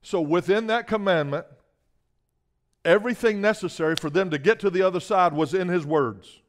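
A man preaches a sermon, shifting between hushed asides and loud, emphatic bursts while calling on the congregation to respond. His voice is high, at normal speed, with slight background noise.

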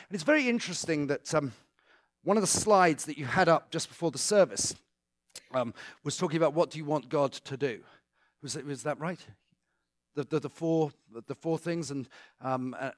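A man's voice: a little high, no room sound, clean studio sound. A British man giving a joking, conversational church talk to a congregation and taking questions. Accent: British English. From Britain. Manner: chatty and joking, with asides to the audience. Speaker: guest speaker.

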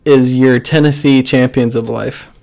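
Male podcast host, mid pitch, loose and joking, casual sports chat. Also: fairly even intonation, a little slow, creaky, darkish tone. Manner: loose, self-correcting, joking.

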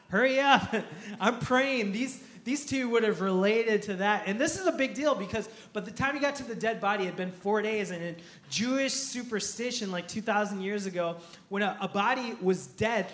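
A male pastor preaching a sermon, telling a story in an animated way and acting out quotes with laughter. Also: sits high, reverberant.

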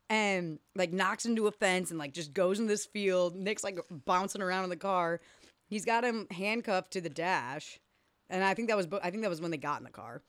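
A woman's voice: mid-range voice, a bit bright, dry recording. A young woman co-hosting a podcast, casually retelling a movie plot, acting out quotes, laughing and swearing. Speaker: podcast co-host. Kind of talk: casual movie recap chat.

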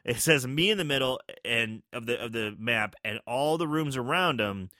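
A man's voice: mid-range voice, moderate pace, pushed and bright, no echo, studio quality. A man co-hosting a movie podcast, jokey and profane in casual chat. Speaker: podcast co-host.

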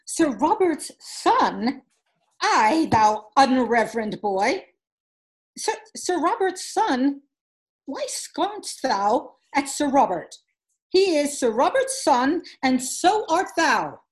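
An outraged noblewoman mother from a stage play, read by a woman, in a high voice that leaps widely. She speaks slowly and commandingly. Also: very animated, full character voice. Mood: indignant. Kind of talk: Shakespeare scene reading.

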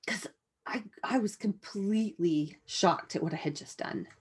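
A woman guest telling a personal story in a frank, halting way, with many restarts and asides. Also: on the low side, slightly rough.

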